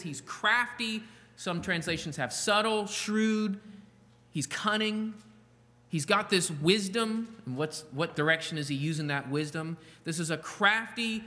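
A man preaching a sermon, slowing down to stress quoted words and asking the listeners rhetorical questions. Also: on the high side, pushed and bright, in a large hall. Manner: slow, emphatic delivery with rhetorical questions. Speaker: pastor.

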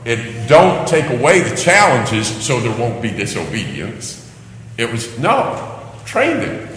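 An older man preaching a sermon as pastor, telling animated family stories and acting out children's cries. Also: mid-range voice, takes it slowly. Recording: echoey hall, faint background noise.

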